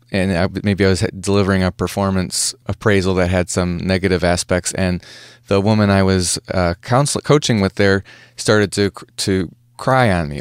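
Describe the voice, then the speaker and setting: A man's voice: sits low, smooth, dry recording, studio quality. A man hosting an interview, asking thoughtful questions and searching for words. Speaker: podcast host, interviewer.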